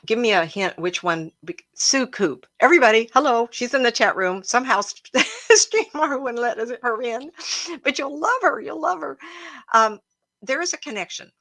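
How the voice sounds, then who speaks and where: A woman psychic medium hosting a livestream, telling stories in an emotional, animated way and often breaking into laughter. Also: medium pitch. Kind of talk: casual livestream storytelling.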